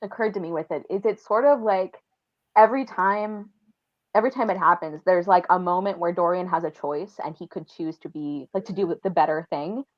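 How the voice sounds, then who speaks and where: A woman co-hosting a casual book club livestream, talking in an animated way with lots of laughter and "like" fillers. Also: on the low side, a little fast, no room sound, highs cut off.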